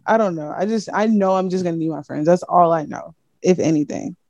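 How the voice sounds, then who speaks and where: A young woman chatting casually with friends in an animated way, repeating herself for emphasis. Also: lowish voice, fairly quick, dry recording, highs cut off. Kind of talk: casual chat among friends.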